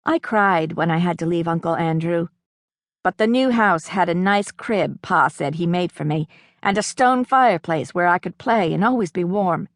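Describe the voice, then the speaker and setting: Woman narrator, first-person audiobook, reflective, lowish voice, dry studio sound. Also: no room sound. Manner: reflective storytelling.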